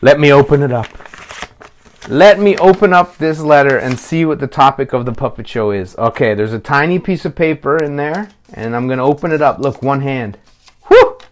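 A man's voice: mid-range voice, normal speed. A man hosting a children's puppet show, explaining each step to young viewers in a friendly way. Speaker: puppeteer host.

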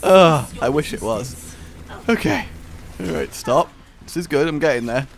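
A young man commentating a video game with friends, excitable and quick to shout and laugh. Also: on the high side. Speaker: gaming YouTuber. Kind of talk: casual gameplay commentary with friends.

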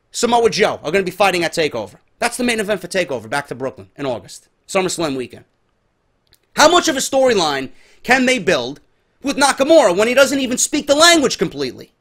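A man's voice: sits high, a bit bright. A man with a New York accent giving a heated, profane solo rant as a wrestling commentary vlogger. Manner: profane, heated, emphatic ranting.

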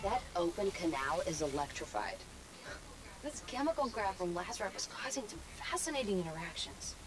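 A woman voicing a calm female mission advisor in a game, speaking in a measured, informative way. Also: medium pitch, a crowd in the background, rough recording. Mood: briefing.

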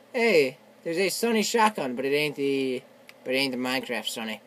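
A young man giving casual, excitable commentary while playing a video game, shouting and swearing, his voice worn from yelling. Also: fairly high pitch, measured pace. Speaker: gamer. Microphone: tablet on a desk.

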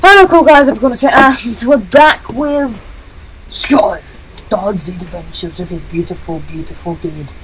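A woman hosting a gaming channel, giving jokey, excitable let's-play commentary, yelling and chanting at the game as she plays. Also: fairly low pitch, unhurried, faint music behind, low-quality recording. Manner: jokey, self-mocking.

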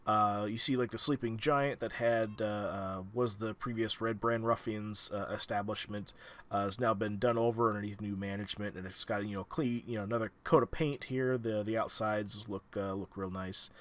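A man narrating as game master of a tabletop game, halting, with many restarts and fillers. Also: fairly low pitch, fairly even intonation, fairly bright tone.

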